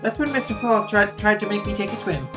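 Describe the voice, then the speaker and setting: A woman reading aloud as a sweet, demure young female witness, telling her story softly. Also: mid-range voice, fast talker, over music, voice pushed up, natural voice.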